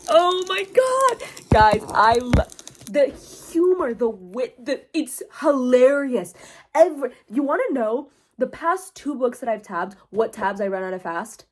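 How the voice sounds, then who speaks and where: A woman's voice: a little high, expressive, measured pace, a little mellow. Gushing, dramatic young woman vlogger. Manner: gushing and dramatic, laughs often, reads quotes aloud. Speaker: book vlogger. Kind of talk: casual book review chat.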